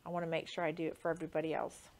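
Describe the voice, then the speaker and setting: A woman's voice: deep voice, completely flat delivery, racing, very noisy. A woman quilter chatting casually through a sewing demonstration, rambling with lots of fillers.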